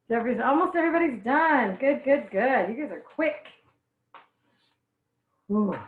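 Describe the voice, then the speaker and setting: A woman's voice: high-pitched, expressive, slow pace. A young woman teaching a cooking class who chats and laughs while her eyes water from onions, with frequent exclamations. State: teary-eyed from onions. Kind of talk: live online cooking class. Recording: echoey, distant, phone-like sound.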